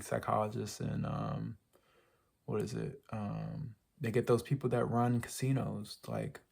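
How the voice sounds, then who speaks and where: A man's voice: lowish voice, creaky, darkish tone, slightly rough. A young man ranting casually to his viewers, rambling and swearing, with lots of filler words. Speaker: vlogger. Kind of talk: casual rant to camera.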